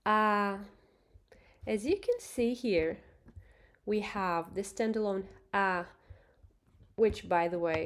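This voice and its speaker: Patient woman language teacher, very slow delivery, demonstrates each sound. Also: medium pitch. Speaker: Thai script teacher. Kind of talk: online language lesson.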